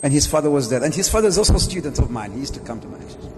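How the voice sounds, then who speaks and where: Male sheikh, fairly high voice, joking with his listeners and questioning them, lecture in an Islamic centre hall with long reverb. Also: expressive, rapid-fire, darkish tone, slight background noise. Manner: jokey, asks the audience questions. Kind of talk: lively mosque lecture.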